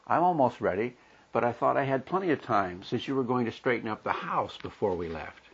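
A man's voice: lively intonation, fairly quick, dull audio, slight background noise, close to an everyday voice. A man reading the lines of a needling husband in a scripted marital quarrel. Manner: read aloud from a script, slightly raised pitch.

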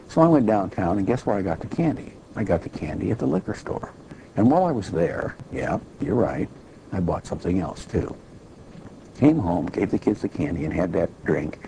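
A man's voice: deep voice, gravelly, background noise. A man giving an earnest personal testimony in a sermon, telling his story plainly.

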